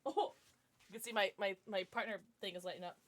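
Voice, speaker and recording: A young woman streamer chatting casually and excitedly to her viewers, now and then cooing at her dog in baby talk. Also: mid-range voice, brisk. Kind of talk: casual livestream chat.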